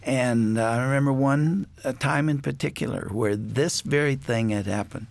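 An older man, a guest on a talk show, telling a personal family story in a reflective way with many pauses. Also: mid-range voice, vocal fry.

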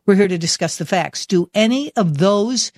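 A woman's voice: medium pitch, animated, moderate pace, a little mellow, no room sound, studio quality. A woman hosting a talk radio show, speaking emphatically and with enthusiasm as she introduces a guest. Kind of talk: talk radio monologue and interview.

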